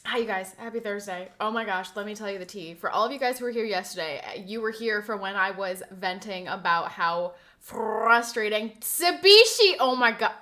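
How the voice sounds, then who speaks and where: A young woman streaming live, chatting casually with her viewers, venting gossip and reacting to the chat in an animated way. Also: medium pitch, moderate pace, few pauses.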